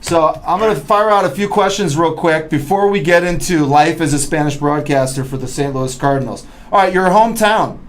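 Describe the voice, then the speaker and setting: A man's voice: on the high side, slight background noise. Friendly self-deprecating male host. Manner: friendly, self-deprecating, asks quick questions. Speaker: interview host. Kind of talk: casual interview chat.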